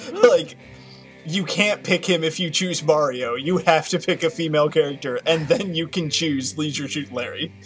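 A man on a casual gaming podcast, explaining himself in a dry, deliberate way. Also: a little high, faint music behind. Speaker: podcast co-host.

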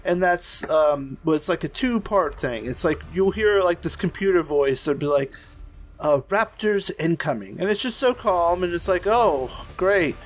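A man's voice: high voice, animated, normal speed, hardly any pauses. Rambling, swearing man on a podcast. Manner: rambling, loose and profane, full of fillers. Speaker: podcast co-host. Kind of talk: casual chat.

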